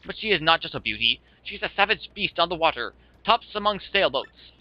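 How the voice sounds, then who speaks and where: Man doing a grandiose vain merchant, high, dull lo-fi with music. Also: expressive, fairly quick, no echo, close to an everyday voice. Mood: boastful. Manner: pompous, theatrical, grandiose. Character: vain flamboyant male merchant captain.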